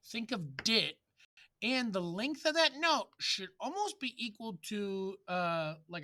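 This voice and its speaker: A man's voice: high voice, sharp tone. A man teaching wind players in a loose, chatty way, singing short syllables aloud to demonstrate how notes should sound. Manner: loose and chatty, with fillers and restarts. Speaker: music teacher. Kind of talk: casual instructional talk.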